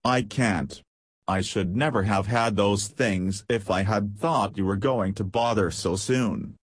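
A man reading the part of an agitated, proud young woman in debt, in an audiobook, with a husky, dry voice. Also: lowish voice, a little slow, no echo. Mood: despairing. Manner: indignant, haughty when pressed.

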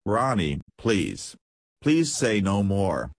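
Audiobook: a pale, pleading young woman, read by a male narrator; husky. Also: on the low side, very animated, slow, dry recording, studio quality, full character voice. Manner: pleading, earnest. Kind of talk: audiobook character reading.

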